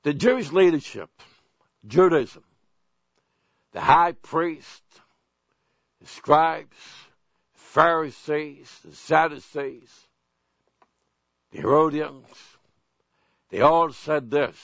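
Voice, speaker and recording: A man preaching a sermon in a deliberate, emphatic way, asking the congregation pointed questions. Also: fairly high pitch, a bit bright, no room sound. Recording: dull, dry lo-fi sound.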